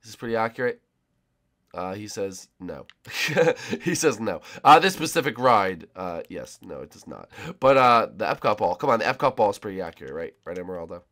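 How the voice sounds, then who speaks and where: Excitable young man narrating gameplay. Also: on the low side, fairly quick. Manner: excitable, jokey, talks to friends and viewers. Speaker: gaming channel host. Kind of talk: live Minecraft gameplay commentary.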